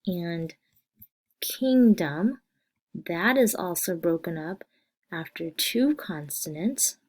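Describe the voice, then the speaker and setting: A woman teaching a phonics lesson, reading word lists slowly and deliberately and asking questions. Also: lowish voice, animated. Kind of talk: slow, scripted phonics lesson.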